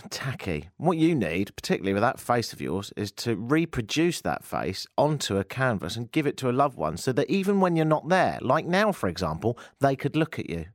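Radio host, teasing and jokey, voice jumps up and down a lot, dry studio mic. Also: male voice, medium pitch, very animated, fairly quick, hardly any pauses, no echo. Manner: teasing, playful, dry wit. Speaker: radio talk show host. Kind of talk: chatty radio hosting. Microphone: studio microphone.

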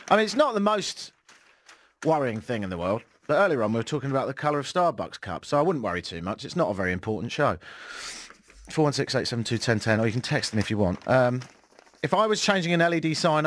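A man's voice: mid-range voice, a bit bright. A British man hosting a casual talk radio show, joking and sarcastic, laughing often. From Britain. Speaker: radio host. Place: radio studio.

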